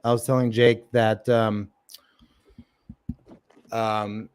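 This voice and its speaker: A man's voice: lowish voice, level tone, very slow, clean tone. A man hosting a casual livestream chat, rambling with lots of fillers. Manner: rambling, many ums and likes. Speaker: livestream host.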